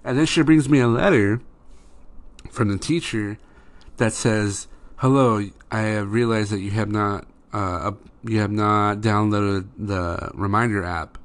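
A man's voice: on the low side, fairly even intonation, measured pace. A young man, a father, telling casual rambling stories about his daughter as a podcast host, full of fillers. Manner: rambling, many fillers like "you know". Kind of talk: casual storytelling monologue.

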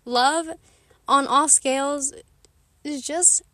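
A young woman vlogger talks frankly to her viewers on camera in a rambling, casual way, laughing often. Her voice sits high, pushed and bright, with a steady tone and slow pace, and there's no room sound.

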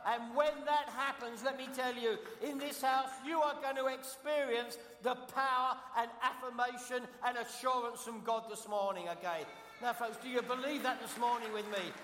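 London guest pastor, high voice, emphatic preaching style, big reverberant church sound. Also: male voice, steady tone, normal speed, a bit bright, slight background noise. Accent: London English. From London, England. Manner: emphatic, repeats key phrases, asks the congregation questions. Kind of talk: preaching a sermon. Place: church sanctuary. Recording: echoey hall, long reverb.

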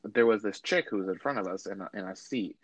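A man's voice: fairly low pitch, quick pace, a crowd in the background, low-quality recording. A young man telling a story to friends in casual chat, acting out the people he quotes. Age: young adult. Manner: animated, acts out quoted voices.

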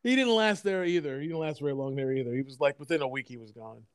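A man's voice: a little high, fast talker, clean tone, no echo, studio quality. A man telling long, profane anecdotes in a casual chat, rambling with many restarts. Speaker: storyteller in a podcast chat.

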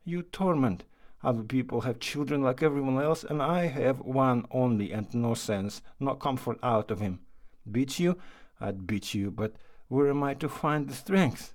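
A man's voice: medium pitch, a little slow, darkish tone, close to an everyday voice. A man reading a story aloud and voicing a distraught mother who scolds her son and laments her lot. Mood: lamenting. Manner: lamenting, reproachful, rising to outbursts. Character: anxious scolding mother of modest means.

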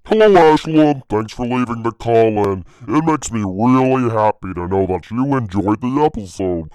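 A man's voice: mid-range voice, normal speed, a little mellow, clear, resonant tone, dry recording, voice pushed down, lightly acted. A young man voicing a needy, self-pitying man who pleads to be liked. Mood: whiny. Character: whiny, needy man, easily hurt.

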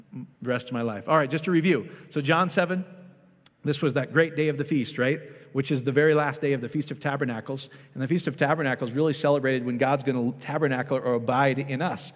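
Chatty preacher man in a reverberant hall. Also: mid-range voice. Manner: chatty, asks the congregation questions, many restarts. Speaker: pastor. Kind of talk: casual conversational sermon.

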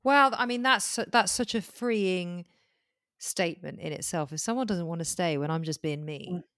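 A woman's voice: on the low side, normal speed, no echo, clean studio sound. A woman host in conversation, affirming her guest often before telling her own story. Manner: warm affirming listener, frequent "yeah". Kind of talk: conversational interview.

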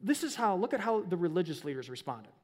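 A middle-aged male pastor with a notably high voice delivers a casual, conversational sermon. He slips into little acted-out voices as he tells the story. His voice rings with a long reverb from the church sanctuary. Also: very animated, quick pace, a little mellow. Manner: conversational, acts out scenes with voices.

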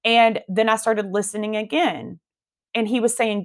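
A woman, hosting a podcast and telling a personal story in an animated, emphatic way. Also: on the high side, moderate pace. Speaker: podcast host. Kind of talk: casual storytelling.

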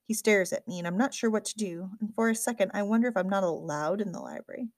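A woman narrating a first-person audiobook with a lively, wry storytelling manner. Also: medium pitch, quick pace, dry recording.

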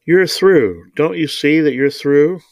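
A man's voice: on the high side, takes it slowly, no echo, pitched above the performer's own voice. A man voicing a fearless, firm woman in an audiobook reading. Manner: cold, firm.

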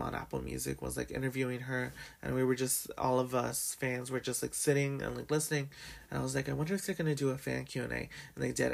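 A young man with a raspy morning voice, telling a story in a casual, chatty way full of "like" and "um". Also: medium pitch. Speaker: podcast host.

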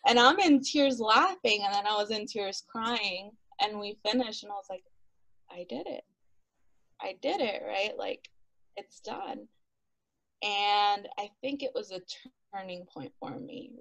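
A woman's voice: mid-range voice, a little slow, dry recording, poor audio. A woman, a guest on an interview podcast, telling her story casually with frequent laughs and acted-out quotes. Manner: animated, laughs often, acts out quotes, many "like" fillers.

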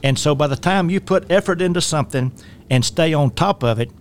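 A man's voice: on the high side, a little fast, a little hiss or hum. A man with a Southern drawl hosting a faith-based talk radio show as a life coach, folksy and rambling, with many fillers and restarts.

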